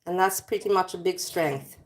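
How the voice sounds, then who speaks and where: A woman's voice: on the low side, normal speed, a little hiss or hum. A woman hosting a casual livestream, rambling and teasing her viewers with self-mocking jokes. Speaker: livestream host.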